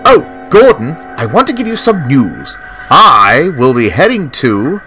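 Guy doing a chirpy happy steam engine, high and bouncy, music going behind. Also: wildly swooping pitch, a little slow, rough recording. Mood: friendly. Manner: bright, chirpy and friendly. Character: cheerful famous male steam engine.

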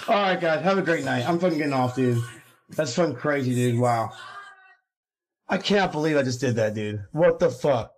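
A man streaming his gambling live, reacting with excitable, profane bursts of exclamation. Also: mid-range voice, moderate pace. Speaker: gambling livestreamer.

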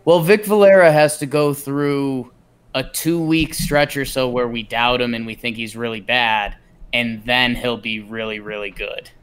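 A man's voice: mid-range voice, fairly even intonation, unhurried, clear, resonant tone. Wry male baseball podcast co-host. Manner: wry, sarcastic banter. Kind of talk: casual sports chat.

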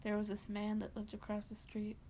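A woman's voice: medium pitch, completely flat delivery, a little fast, dark tone, slight background noise. A woman co-hosting a podcast, reading a horror story aloud in a dramatic way and laughing between lines. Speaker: podcast co-host.

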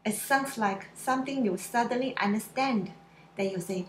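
A woman teaching pronunciation in a slow lesson, drawing out syllables and explaining them simply. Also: a little high, echoey room, a little hiss or hum. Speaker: Mandarin teacher.

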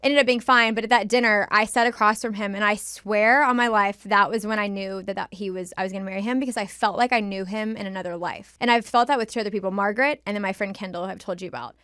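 A woman guest on a casual podcast, telling a story in an animated way and swearing freely, close to the mic. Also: mid-range voice, fast talker, few pauses, clear, resonant tone, dry recording.

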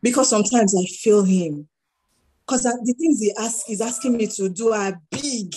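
A woman's voice: mid-range voice, normal speed, rough recording. A middle-aged Nigerian woman speaking as an interview guest, telling stories and acting out the dialogue in them. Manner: animated storyteller who acts out dialogue. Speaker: guest entrepreneur. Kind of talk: conversational interview.

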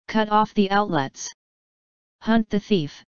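A woman's voice: medium pitch, slow, clear, resonant tone, no echo, lo-fi sound, lightly acted. A woman reading a story aloud voices a lustful, scheming king who barks orders. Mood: scheming, commanding. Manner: commanding.

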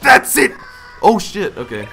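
Young male let's play host, animated and profane, wide pitch swings, game music under. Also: measured pace. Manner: loud, swearing, jokey, animated outbursts. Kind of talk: casual gameplay commentary. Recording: game music playing behind.

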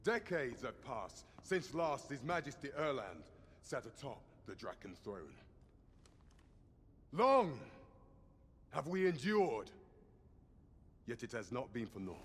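Game herald: lofty, sing-song proclamations, tenor-ish, echoing in a grand hall. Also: male voice, fairly high pitch, a bit bright, breathy edge, heavily acted. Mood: solemn. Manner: declaiming, ceremonial, rising to rousing calls. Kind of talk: video game voice acting.

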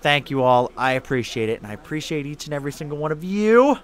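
A man giving let's-play commentary on a horror video game, excitable and laughing often. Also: fairly high pitch, fast. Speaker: gaming YouTuber.

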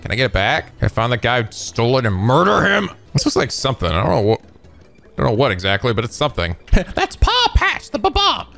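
A man's voice: mid-range voice, big pitch swings, quick pace, vocal fry, a bit bright, soft background music. A man giving casual, sarcastic, profane commentary while playing a video game. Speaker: let's player.

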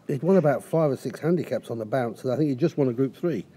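A man's voice: mid-range voice, expressive, fast talker, dark tone, husky. A middle-aged man, a racehorse trainer, telling rambling anecdotes in a casual interview. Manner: rambling anecdotes with restarts and acted quotes.

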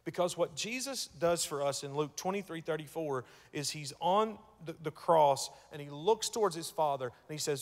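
A man preaching a sermon as pastor, telling a story and repeating words as he starts, moving between hushed and loud passages. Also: a little high, animated, normal speed, hardly any pauses, long reverb tail. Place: church sanctuary.

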